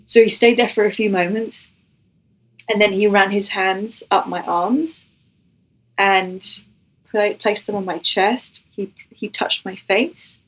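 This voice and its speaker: Woman guest telling her faith testimony, husky voice, earnest and emotional, acts out the lines. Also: mid-range voice, slow, poor audio. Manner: earnest, emotional storytelling that acts out what was said.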